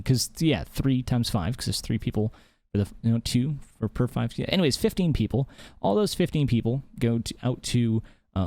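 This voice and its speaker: A man's voice: lowish voice, a little mellow, no room sound. A man hosting his own podcast from a home office, rambling heatedly and swearing a lot. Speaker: podcast host. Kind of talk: casual solo podcast rant.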